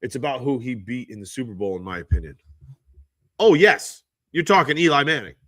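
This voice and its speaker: A man hosting a casual live stream from his phone, reading out statistics and ranting in exasperation, his pitch jumping high when he gets indignant. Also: sing-song, fairly quick, fairly bright tone, dry recording, studio quality. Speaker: livestream host. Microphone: handheld phone.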